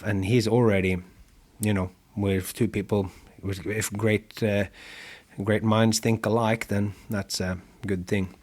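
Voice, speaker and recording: Low-voiced man musing on a podcast. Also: a little mellow. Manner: thoughtful, meandering, with frequent fillers and restarts. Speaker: podcast host. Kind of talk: reflective podcast monologue.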